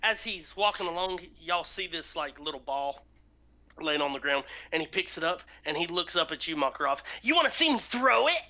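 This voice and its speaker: A man narrating a tabletop game as game master, relaxed and rambling with fillers. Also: a little high, normal speed.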